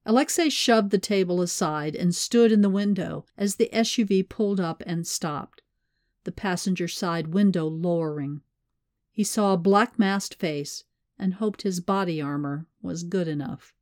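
Brief: woman narrator, lower voice, measured read, very dry booth sound. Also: a little mellow, no echo. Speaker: audiobook narrator. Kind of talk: scripted narration.

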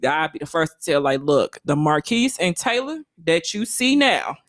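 A woman's voice: low-pitched, sing-song, moderate pace, dry recording, studio quality. Playful laughing woman podcast co-host. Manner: playful, laughs often, slangy. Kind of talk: casual chat.

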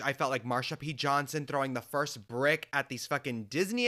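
Bright, sassy, profane young man storyteller. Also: mid-range voice, moderate pace, hardly any pauses. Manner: sassy, profane, animated, mimics other people in quotes. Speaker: vlogger telling a story. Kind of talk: casual storytelling.

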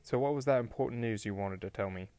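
A man reading aloud and voicing a clever, earnest teenage witch with a brisk, matter-of-fact and slightly defensive manner. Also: medium pitch, mellow, no echo, lightly acted. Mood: firm.

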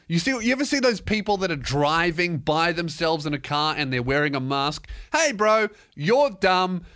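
A man, ranting and telling stories on his own podcast, swearing freely and mocking himself. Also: high voice. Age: 20s. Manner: swearing, animated storytelling, self-mocking. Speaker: podcast host. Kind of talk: casual solo podcast rant.

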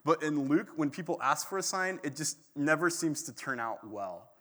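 A male pastor delivers his sermon in an easygoing, conversational style, animated as he tells the story. His voice is bright and forward. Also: fairly high pitch, moderate pace.

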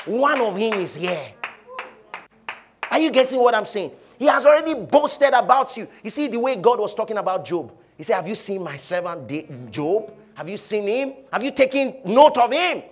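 A man preaching a sermon, shouting one moment and dropping low the next, leading his congregation to repeat phrases. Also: sing-song, normal speed, breathy edge. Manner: preaching with swings from shouting to quiet, leading call-and-response. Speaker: pastor.

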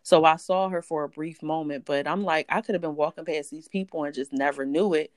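Lowish-voiced woman telling her story. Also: a little fast, no room sound, clean studio sound. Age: adult. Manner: animated, acts out voices in quotes. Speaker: interview guest. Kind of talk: personal storytelling.

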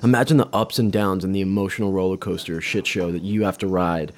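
A man's voice: low voice, steady tone, quick pace, slight background noise. A man giving casual, rambling commentary while he watches a movie, chatty and a little profane. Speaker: vlogger doing movie watch-along commentary.

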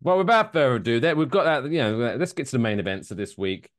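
A man's voice: mid-range voice, big pitch swings, fast talker, dry recording, studio quality. A man co-hosting a comedy podcast in casual chat, jokey and reading news stories aloud. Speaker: podcast co-host.

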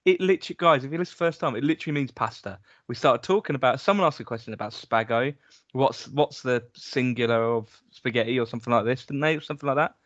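A man's voice: mid-range voice, quick pace, fairly bright tone, no room sound, highs cut off. A man co-hosting a casual podcast chat, teasing his friends and jumping into silly voices. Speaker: podcast co-host.

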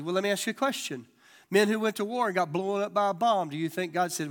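A male pastor preaching a sermon, animated and folksy, with quick asides. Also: high-pitched.

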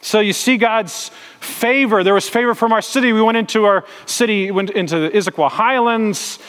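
A middle-aged pastor tells a story during a sermon, acting out the voices of the people in it. His voice is high-pitched, bright and smooth at a moderate pace, with long reverb from a large hall.

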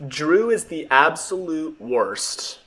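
A man's voice: a little high, big pitch swings, slow, over a noisy crowd. A young man hosting a casual chat, giving blunt, profane, jokingly harsh opinions. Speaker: podcast host.

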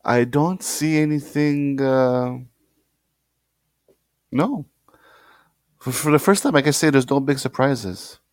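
A man's voice: mid-range voice, slow, long pauses, no room sound, studio quality. A man co-hosting a casual wrestling chat, speaking in short laid-back remarks while losing his voice. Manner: terse, laid-back, questioning. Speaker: podcast co-host.

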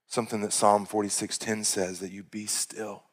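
A male pastor preaching a sermon, rising to loud, high-pitched exhortation and dropping to hushed, quiet passages. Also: flat delivery, normal speed. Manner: impassioned preaching that swells loud and high, then drops to hushed tones. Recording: long hall reverb.

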